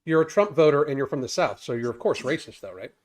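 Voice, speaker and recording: A man's voice: mid-range voice, expressive, fast. A man co-hosting a live-stream talk show, speaking in a sardonic, emphatic way. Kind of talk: casual chat.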